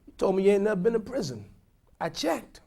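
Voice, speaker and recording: Man playing a gruff boss, scolding, accusing, high and lively voice. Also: fairly quick, exaggerated voice. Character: gruff male boss firing an ex-con.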